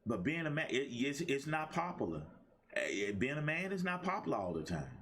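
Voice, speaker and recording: A man's voice: medium pitch, big pitch swings, a little fast, a bit bright. A middle-aged man hosting a motivational livestream, talking in a preachy call-and-response style. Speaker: host and life coach.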